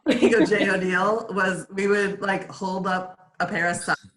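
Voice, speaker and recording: A woman's voice: mid-range voice, little pitch movement, normal speed, fairly bright tone. A woman with a mid-range voice, a former player who now coaches. She answers interview questions thoughtfully, hesitating with frequent fillers. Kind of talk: casual interview.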